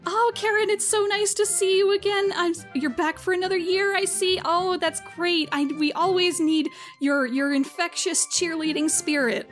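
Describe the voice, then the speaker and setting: A woman voicing a bubbly, excitable teenage girl who runs a school club, gushing and breathless in a tabletop game. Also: very high voice, moderate pace, hardly any pauses, soft background music, voice pushed up. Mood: overjoyed.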